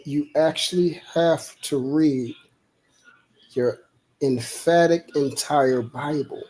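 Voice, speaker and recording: A man's voice: a little high, fairly even intonation, takes it slowly, darkish tone, poor audio. A man hosting a stream who argues and preaches emphatically, acting out voices as he retells stories. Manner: emphatic, preachy, quotes God in a raised voice. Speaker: podcast host. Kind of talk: heated debate and preaching. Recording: live stream.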